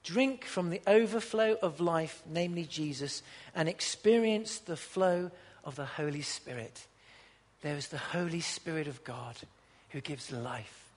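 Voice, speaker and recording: A man preaching a sermon, swinging between loud ringing peaks and hushed low passages. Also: a little slow, long reverb tail. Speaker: pastor. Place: church.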